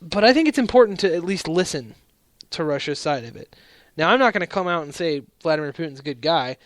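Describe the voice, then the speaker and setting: Male podcast host, higher-pitched, opinionated rambling commentary. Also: lively intonation, fast talker, no echo. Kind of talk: casual political commentary.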